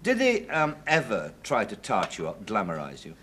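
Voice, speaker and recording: A man interviewing a guest, asking probing, polite questions with halting restarts. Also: fairly low pitch, huge pitch swings, fairly bright tone, slight background noise.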